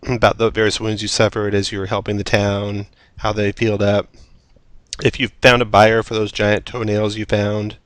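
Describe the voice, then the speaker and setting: A man's voice: lowish voice, level tone, moderate pace, clear, resonant tone, no echo. A man running a tabletop game as dungeon master, narrating scenes descriptively with occasional fillers.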